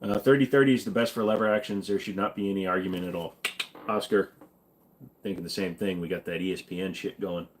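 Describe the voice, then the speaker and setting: Male streamer from Virginia, low-ish voice, crude and jokey, casual chat with viewers. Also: fairly even intonation, quick pace, slight background noise. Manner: crude, joking, reads chat aloud. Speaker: live stream host.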